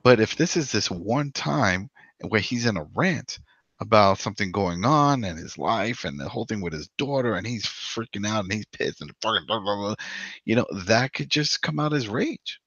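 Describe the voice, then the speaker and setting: A man co-hosting a podcast in casual discussion, rambling and animated, with frequent "you know". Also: on the low side, normal speed, breathy edge, dry recording. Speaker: podcast co-host. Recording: dull lo-fi dry sound.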